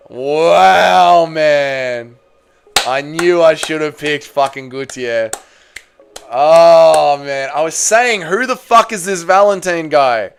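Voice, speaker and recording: A young Australian man on a livestream, chatting with viewers, reading their messages, swearing freely and shouting at a fight as it unfolds. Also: a little high, vocal fry, a little hiss or hum. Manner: swears freely, reads chat aloud, yells at the fight. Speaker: streamer. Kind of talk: casual livestream chat and fight reaction.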